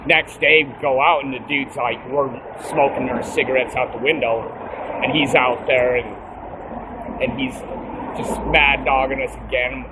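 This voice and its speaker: A man's voice: medium pitch, steady tone, measured pace, background noise. A young man casually telling a rambling, profane anecdote outdoors, recorded on a phone. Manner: rambling, profane, laid-back. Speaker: storyteller.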